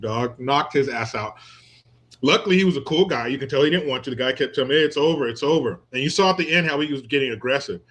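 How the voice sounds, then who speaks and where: A man's voice: fairly high pitch, pushed and bright. A man giving crude, joking commentary on a clip, laughing often and wandering into rambling asides. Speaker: commentator reacting to a viral clip. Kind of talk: casual profane commentary.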